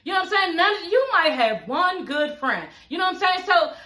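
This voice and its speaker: A woman in her forties giving blunt, profane, animated commentary in a casual vlog, often laughing as she talks. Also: very high-pitched, normal speed. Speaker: reality TV reviewer. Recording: roomy echo.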